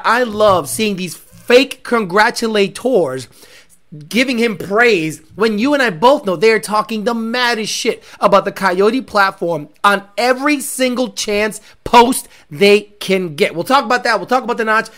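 A man's voice: sits high, moderate pace. Brash, cursing male streamer. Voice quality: profane, loud and brash, shouts sponsor names. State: congested, out of breath. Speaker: car-scene livestream host. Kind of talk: profane casual livestream rant.

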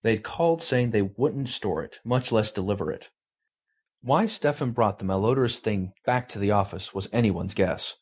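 Low, husky male story reader. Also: normal speed. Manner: expressive, animated delivery. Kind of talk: dramatic story reading.

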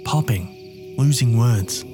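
A man narrating first-person audio fiction in a gritty, measured, unhurried way. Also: mid-range voice, over music.

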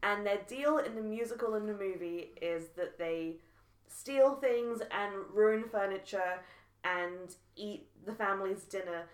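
A woman's voice: medium pitch, a little slow. A woman co-hosting a podcast, chatting casually and animatedly, laughing often. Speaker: podcast co-host. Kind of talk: casual chat. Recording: echoey room.

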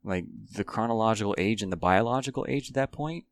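A man's voice: lowish voice, quick pace. A man talking in a casual, reflective way on a podcast, with many fillers. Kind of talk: casual chat.

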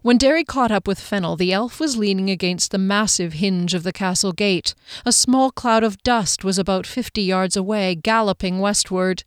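A woman's voice: medium pitch, smooth, no room sound. Woman reading a fantasy story, dry and close. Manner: measured storytelling, voices each character. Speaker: audiobook narrator. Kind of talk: scripted fantasy narration. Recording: dry close studio sound.

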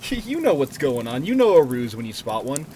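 A man's voice: mid-range voice, very animated, fairly quick, dark tone, a little hiss or hum. A man narrating a tabletop game as game master, playful and swearing.

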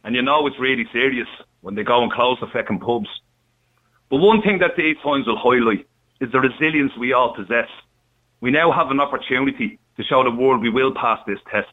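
A man's voice: medium pitch, a little fast. A man calling in on speakerphone, his voice thin and tinny down the phone line. He reads a poem aloud in a cheeky, joking way, swearing now and then. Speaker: caller reciting a poem.

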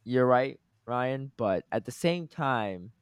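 A man's voice: mid-range voice, lively intonation, slow, clear, resonant tone, dry recording, clean studio sound. A man hosting a podcast in a chatty, casual way, reading out listener comments and reacting to them. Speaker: podcast host. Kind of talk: casual chat.

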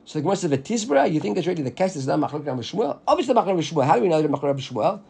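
A man's voice: fairly high pitch, racing, creaky, husky. A man teaching a Talmud class, explaining step by step and checking in with "right?". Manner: animated, explaining with frequent "right?".

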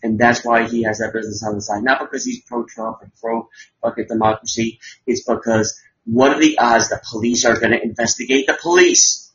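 A podcast host with a mid-range voice talks a little fast in fairly even intonation, rambling sarcastically and swearing freely. It's casual, crude chat, and the audio is dull and lo-fi.

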